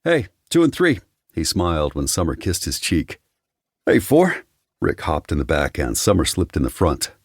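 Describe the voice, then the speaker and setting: Deep-voiced man narrating an audiobook. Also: no echo, clean studio sound.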